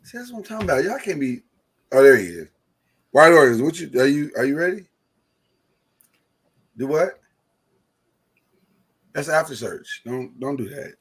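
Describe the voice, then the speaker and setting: A man's voice: on the high side, normal speed, pauses often, breathy edge, poor audio. A man co-hosting a podcast in casual chat, joking. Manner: playful, animated, jokey preacher-style delivery. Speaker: podcast co-host. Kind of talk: casual chat with mock church-service banter. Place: podcast studio.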